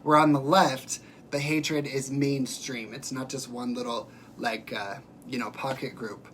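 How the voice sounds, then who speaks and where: A man's voice: mid-range voice, level tone, a little slow, fairly bright tone, slight background noise. A man hosting a casual livestream, reading out viewer comments and answering them by name in a chatty, emphatic way.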